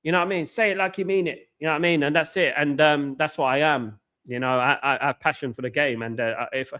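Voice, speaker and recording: A married man from hosting a football watchalong, talking fast and passionately, with lots of repetition and shout-outs to chat. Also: fairly high pitch. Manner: excitable, buzzing, repeats phrases, reads chat aloud. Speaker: watchalong host. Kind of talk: casual live-stream chat. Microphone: headphones with mic.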